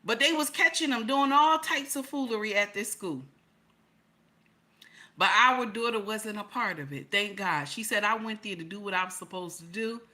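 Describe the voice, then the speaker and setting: A middle-aged woman talking casually to her viewers, emphatic and repetitive, building to loud peaks. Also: mid-range voice. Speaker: channel host.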